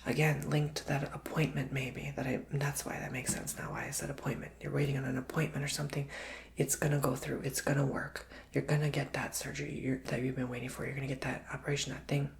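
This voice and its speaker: A man giving an ASMR tarot reading, often whispering, speaking softly and reassuringly straight to the listener. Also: mid-range voice, level tone, fast, creaky, slight background noise. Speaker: tarot reader.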